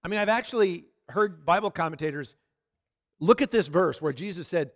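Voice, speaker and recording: Guy pastor giving a sermon, talks casual, checks in with the crowd, kinda higher voice. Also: expressive, moderate pace, in a large hall. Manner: conversational, asks the congregation questions.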